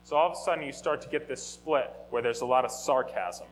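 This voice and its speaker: A man's voice: medium pitch, fairly quick, poor audio. Guy teaching a bible study, chatty, restarts a lot, medium voice, bit of hum in the back. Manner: conversational, animated, self-correcting with restarts. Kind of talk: informal teaching talk.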